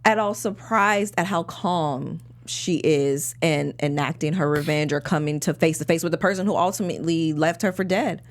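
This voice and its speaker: A woman's voice: deep voice, normal speed, few pauses. A woman co-hosting a TV recap show in casual chat, steering the talk and passing it to her co-hosts. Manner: leads the talk, hands off to co-hosts. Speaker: co-host.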